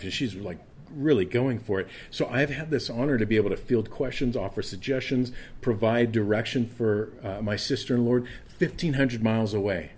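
A man's voice: mid-range voice, normal speed, few pauses, a little mellow, slightly rough. A man preaching a sermon, earnest and conversational, often stumbling over repeated words as he restarts a thought. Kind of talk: sermon with scripture reading.

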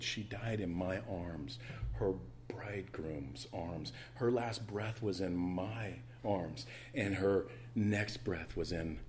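A man preaching a sermon to his church, animated, swinging between loud bursts and hushed asides, with frequent stammering restarts. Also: fairly low pitch, a little hiss or hum. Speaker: pastor.

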